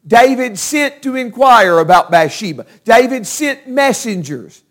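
High-voiced man preaching slowly. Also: big pitch swings, a bit bright. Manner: emphatic storytelling, stressing key words. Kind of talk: sermon, retelling a Bible story.

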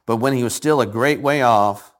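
With a mid-range voice at a moderate pace, an older preacher who is also a grandfather teaches a Bible story. He keeps questioning the congregation, who answer back, and dramatizes the quoted lines.

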